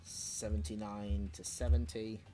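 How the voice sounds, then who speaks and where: A man's voice: fairly low pitch, flat delivery, unhurried, dark tone, faint music behind. A man hosting a stream, chatting casually with asides between comic panels. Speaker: streamer host. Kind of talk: casual comic read-along commentary.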